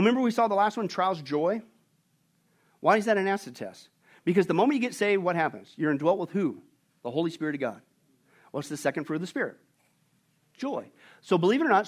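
A male pastor preaching a sermon, animated and full of jokes, who asks the congregation questions and answers them himself. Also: high-pitched, a little fast, long pauses.

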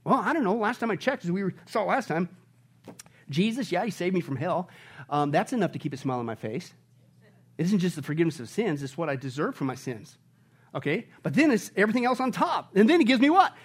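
A male pastor preaching a sermon, animated, swinging between bursts of shouted excitement and hushed asides. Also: sits high, fast, slightly rough.

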